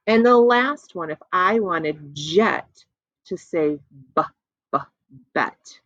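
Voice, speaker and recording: A woman teaching young children an early reading lesson, slowly sounding out letters with playful asides. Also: on the low side, lively intonation, dry recording, muffled recording.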